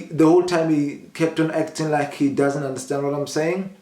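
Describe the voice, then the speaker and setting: A man's voice: brisk, echoey room. A young man from South Africa telling personal stories to camera in a casual vlog, acting out the people he quotes with a raised voice. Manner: animated retelling, voices the people he quotes with rising pitch. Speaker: vlogger.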